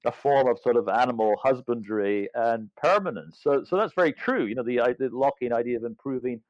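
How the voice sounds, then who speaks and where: A man's voice: mid-range voice, a little fast, no room sound. Hesitant older man, dull dry recording. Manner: hesitant, thoughtful, many restarts. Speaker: author and legal scholar guest. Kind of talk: reflective interview conversation.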